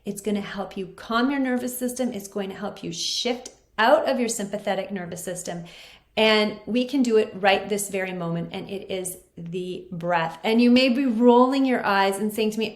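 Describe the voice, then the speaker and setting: A woman's voice: medium pitch, moderate pace. A woman naturopathic doctor giving an earnest, emphatic teaching talk and repeating her key points. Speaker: naturopathic doctor hosting a skin health show. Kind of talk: teaching monologue. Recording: roomy echo.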